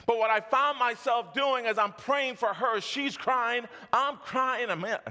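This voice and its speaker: Male pastor, sermon testimony, fervent storytelling, high voice, long hall reverb. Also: unhurried, pushed and bright. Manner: fervent storytelling with repetitions and laughs.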